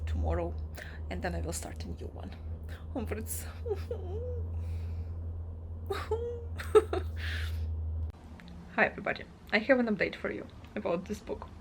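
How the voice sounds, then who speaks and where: Brief: woman book vlogger, high voice, emotional, lively casual chat, faint room noise. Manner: emotional, animated, acts out characters in quoted asides. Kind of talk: casual reading vlog chat.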